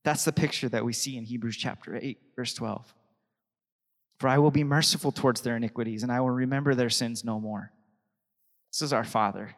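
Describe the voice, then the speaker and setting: A man's voice: mid-range voice, steady tone, brisk, in a large hall. A young adult man preaching a sermon as pastor, chatty and anecdotal, often laughing between thoughts.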